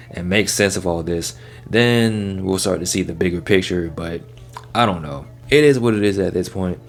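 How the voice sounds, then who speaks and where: Deep-voiced man with laid-back slangy chat. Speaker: wrestling show reviewer, channel host. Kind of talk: casual recap commentary.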